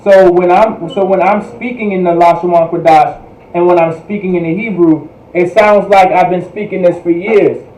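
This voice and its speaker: High-voiced man teaching in an echoey room. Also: steady tone, moderate pace, darkish tone. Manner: repetitive, drills pronunciation patiently. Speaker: language teacher. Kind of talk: livestreamed class lecture.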